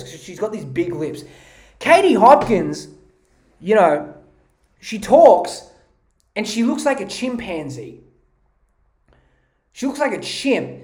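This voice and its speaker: A man's voice: high-pitched, sing-song, slow pace, long pauses, darkish tone, reverberant. A man hosting a podcast, ranting in a mocking, profane comedic style on a podcast mic. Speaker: podcast host.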